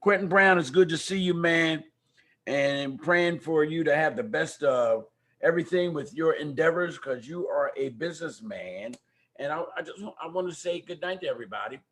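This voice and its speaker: A man's voice: fairly high pitch, normal speed. An older man hosting a community talk livestream, greeting viewers by name and urging them to vote. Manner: warm preacher-like exhortations. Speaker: host of a community talk show. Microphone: microphone at home.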